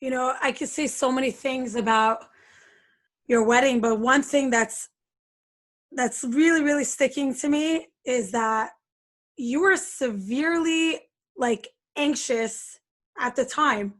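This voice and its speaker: High-voiced, slow-talking woman host. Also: a bit bright. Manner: attentive, reflective, affirming. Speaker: podcast host. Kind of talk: interview conversation.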